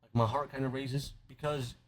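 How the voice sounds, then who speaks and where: A man's voice: medium pitch, fairly even intonation, normal speed. A young man casually telling a rambling, self-mocking story over gameplay, often stumbling and repeating his words. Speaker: gaming commentator.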